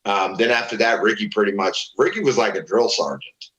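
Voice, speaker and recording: Guest: ex-wrestler, man from Florida, lowish voice, cussing raconteur, echoey room. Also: brisk. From Florida, USA. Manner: profane, rambling, animated retelling of old stories. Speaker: retired pro wrestler, guest. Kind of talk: casual storytelling interview.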